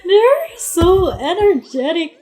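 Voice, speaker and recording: High, lively-voiced woman reacting excitedly. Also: slow. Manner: excitable, frequent exclamations and laughter; drops into quiet murmured asides. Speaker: anime reaction vlogger. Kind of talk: live reaction commentary.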